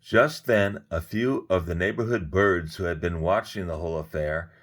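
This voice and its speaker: A man with a low, deep voice reads a children's story aloud. His reading is expressive and animated, with lively emphasis. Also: moderate pace.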